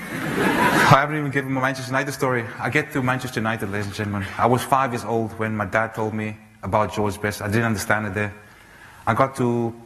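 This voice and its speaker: A man in his thirties from South Africa, giving an animated storytelling talk on stage, full of restarts and fillers. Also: on the low side. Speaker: speaker. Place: large auditorium. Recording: reverberant hall, faint noise.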